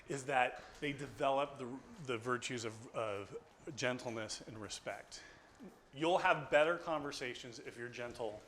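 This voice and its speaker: A man lecturing a small group on philosophy in a casual, animated way, acting out conversations as he tells stories. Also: mid-range voice, a little hiss or hum. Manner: animated storytelling, acts out dialogue. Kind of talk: informal classroom lecture. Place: small group gathering indoors.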